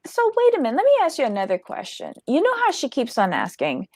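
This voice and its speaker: A woman's voice: on the high side, big pitch swings, normal speed, hardly any pauses, a little mellow, no echo. Chatty woman hosting a commentary show. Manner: chatty, reads live chat aloud. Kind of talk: casual chat about a reality show. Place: in Florida.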